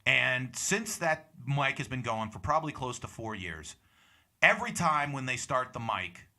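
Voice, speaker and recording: A man's voice: medium pitch, very animated, moderate pace, bright, forceful tone. A young man hosting a show, telling a bar anecdote and acting out the other people's lines. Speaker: comedian and show host. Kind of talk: casual storytelling chat.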